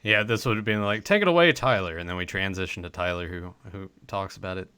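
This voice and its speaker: A man with a slight Southern US accent co-hosts a podcast in animated, casual chat. His low voice is bright and crisp. The recording is dry, with no room sound. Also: quick pace, no echo. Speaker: podcast co-host.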